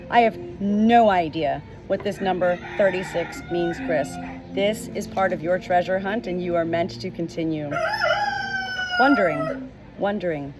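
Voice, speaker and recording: A middle-aged woman speaking as a spiritual medium, slow and emotional, often repeating words, tearful at times. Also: fairly low pitch. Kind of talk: channeled message video. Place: outdoors with roosters nearby. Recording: roosters and outdoor noise behind.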